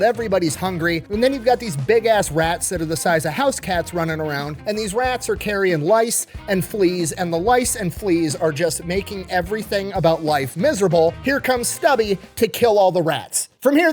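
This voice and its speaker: A man hosting a casual, comedic retelling of history in a profane, wisecracking, conversational way. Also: sits high. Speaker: host.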